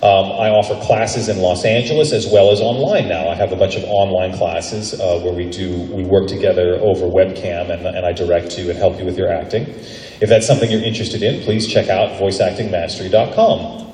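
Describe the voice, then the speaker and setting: Male acting teacher at a convention panel, animated and playful; captured distantly in a reverberant hall. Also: low-pitched, brisk. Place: large convention panel room. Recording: echoey hall recorded from far off.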